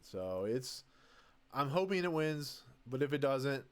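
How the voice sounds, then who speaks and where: Taking it slowly, this young podcast host speaks in a smooth, medium-pitched voice with big swings in pitch. His solo commentary is a casual ramble, packed with fillers and restarts, as he raves about his favorites and is frank about his dislikes.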